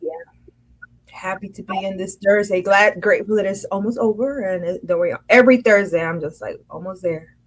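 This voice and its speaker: A woman's voice: medium pitch, steady tone, brisk, low-quality recording. Dry, teasing female co-host. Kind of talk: casual chat.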